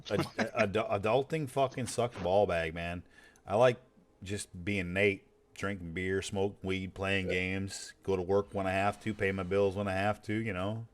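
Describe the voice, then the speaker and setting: A man's voice: low-pitched, steady tone, measured pace, a little hiss or hum. A man chatting casually while streaming a game, rambling and swearing freely in a laid-back way. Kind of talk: casual chat while gaming.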